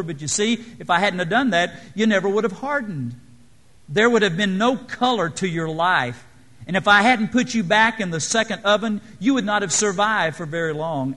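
A patient master potter speaks calmly and gently, as a preacher plays him. The voice sits a little high and bright, and he explains each step in a soothing storybook manner.

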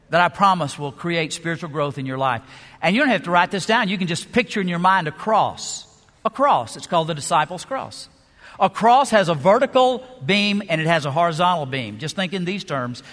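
Man, pastor, emphatic sermon, high voice, long hall reverb. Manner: emphatic preaching, varied pace and loudness, rhetorical questions.

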